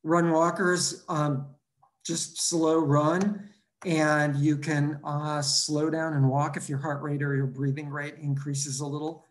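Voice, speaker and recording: A man coaching a live running workout over a video call, counting reps aloud and a bit out of breath, clearing his throat now and then. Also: a little high, flat delivery, takes it slowly, reverberant. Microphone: computer mic on a video call.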